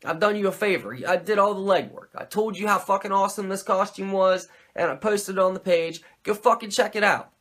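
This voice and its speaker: A man hosting a podcast, recapping an old wrestling show in a profane, animated, rambling way. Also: high-pitched, fairly quick, hardly any pauses. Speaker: podcast host.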